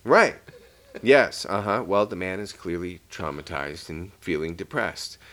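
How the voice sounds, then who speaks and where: A man recapping a film in casual comic banter, rambling and profane, swinging between loud bursts and low mutters. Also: measured pace. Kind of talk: casual comedic movie recap.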